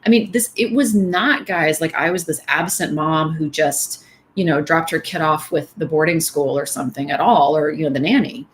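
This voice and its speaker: A woman's voice: low-pitched, normal speed, a little hiss or hum. A middle-aged woman giving a candid, conversational motivational talk at a women's event, with many fillers. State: tearful at times.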